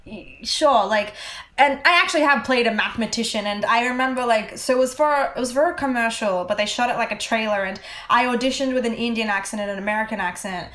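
A woman's voice: a little high, fast talker. Chatty Australian woman, roomy sound. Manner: chatty, filler-heavy, animated. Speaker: actor, guest. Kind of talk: casual chat. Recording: roomy echo.

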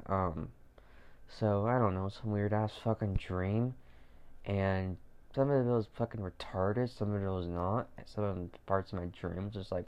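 A man's voice: lowish voice, moderate pace, dark tone. A young man hosting a solo podcast, rambling loosely with lots of swearing, fillers and repeats. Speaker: podcast host. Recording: dull lo-fi home recording.

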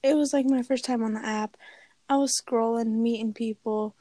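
A young woman co-hosting a podcast, chatting casually with frequent giggles and drawn-out fillers into a close mic. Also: fairly high pitch, steady tone, mellow, no room sound. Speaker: podcast co-host. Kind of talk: casual chat.

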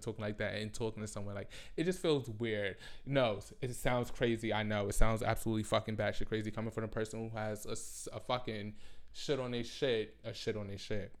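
A young man hosting a podcast, telling a personal story in a rambling, profane, slangy way that keeps circling back on itself. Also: fairly low pitch. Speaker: podcast host. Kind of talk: casual storytelling monologue.

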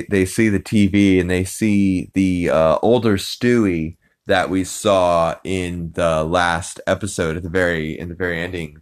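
A man with a low voice recaps a cartoon episode in casual podcast chat. He rambles, stumbling over fillers and acting out the characters' lines as he goes. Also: clean tone. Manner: rambling, many ums and uhs, acts out quotes. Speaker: podcast host.

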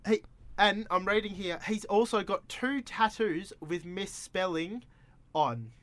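A man's voice: high-pitched, unhurried, a bit bright. A man with an Australian accent hosting breakfast radio, chatting in a playful, jokey way. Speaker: radio host.

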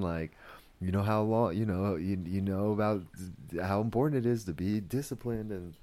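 Casual male podcaster with a deep voice, rambling, filler-heavy, profane recap. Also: fairly even intonation, moderate pace, dark tone. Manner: rambling, full of "like" and "you know", swears freely. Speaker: podcast host reviewing a series.

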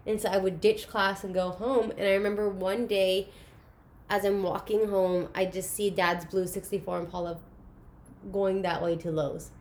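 A young woman recounts her school days in a relaxed, conversational way. She gets animated and acts out the voices of the people in her story. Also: mid-range voice, normal speed, a little hiss or hum. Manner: animated, acts out quoted voices, laughs through emotional moments. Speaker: guest sharing her story. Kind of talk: casual personal storytelling.

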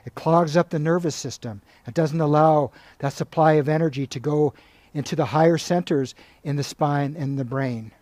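A man, a monk, giving a spiritual talk in a calm, measured way, retelling stories and reading passages aloud. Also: a little high, dry recording.

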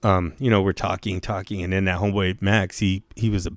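A man's voice: deep voice, level tone, brisk, no room sound, studio quality. A man telling a casual story full of slang and swearing, jumping his voice up to act out what people said. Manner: profane, slangy, acts out quotes in a raised voice.

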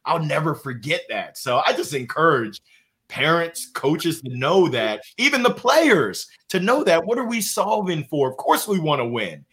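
A man guest, a motivational speaker and coach, telling stories in casual podcast talk, laughing often and jumping up in pitch for emphasis. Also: moderate pace. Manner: animated storyteller who laughs often and jumps in pitch for emphasis.

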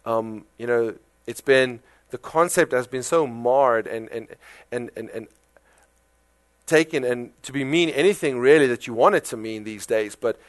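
A man with a South African accent preaching a sermon in a conversational, animated way, full of rhetorical questions. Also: medium pitch, normal speed, no room sound. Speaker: pastor.

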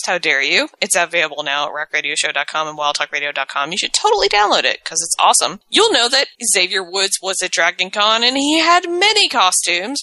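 A woman's voice: mid-range voice, pushed and bright, dry recording, low-quality recording. A woman co-hosting a podcast, casually reading social media posts aloud with playful asides. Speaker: podcast co-host.

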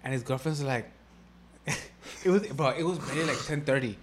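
A man's voice: mid-range voice, a little slow, slight background noise. A young man co-hosting a podcast, chatting in a slangy, crude, playful way and saying "bro" often. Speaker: podcast co-host. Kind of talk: casual storytelling chat.

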